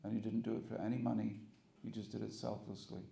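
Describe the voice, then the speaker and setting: A man's voice: lowish voice, fast talker, vocal fry, reverberant, a little hiss or hum. A man preaching to a congregation, telling stories and acting out the characters. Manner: animated storyteller acting out characters. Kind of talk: storytelling sermon. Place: temple hall with audience.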